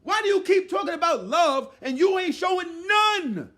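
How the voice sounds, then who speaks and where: A man delivers an exasperated commentary rant, his voice pitched very high and swinging widely. He shouts often and mocks the people he talks about. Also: sing-song, normal speed. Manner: loud, exasperated, often shouting, mock-quoting others. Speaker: commentary vlogger.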